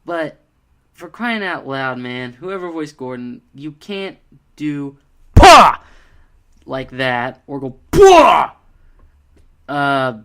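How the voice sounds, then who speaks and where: A man's voice: mid-range voice, slow pace, smooth. A young man giving a casual, exasperated video review, full of fillers like "uh" and "like.". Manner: exasperated, animated, many fillers.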